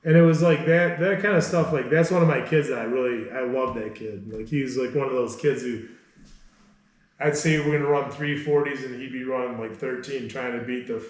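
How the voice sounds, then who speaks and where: A man speaking in a casual interview, blunt and fond of telling stories with a joke at the end. His voice sits at an ordinary pitch. The room rings with heavy echo. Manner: blunt, storytelling, quick to joke. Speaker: personal trainer. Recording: very echoey room.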